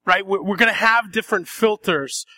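A man preaching a sermon, dramatic, acting out voices and shifting between soft and loud passages. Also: sits high, moderate pace, no room sound. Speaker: pastor.

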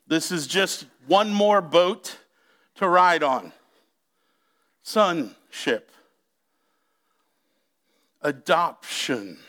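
This pastor's voice is high, bright, and forceful as he preaches slowly and emphatically. He stretches out key words and addresses the congregation directly.

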